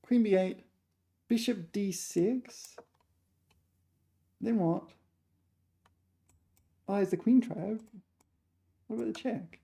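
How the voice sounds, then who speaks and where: A woman chess player thinking aloud while solving puzzles, muttering her move calculations in short fragments, a little hoarse. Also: medium pitch, takes it slowly, long pauses, dark tone.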